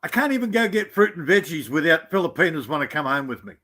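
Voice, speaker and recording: A man's voice: on the high side, sing-song, quick pace, bright, forceful tone. An Australian man chatting on a live stream, rambling through teasing anecdotes. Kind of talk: casual storytelling chat.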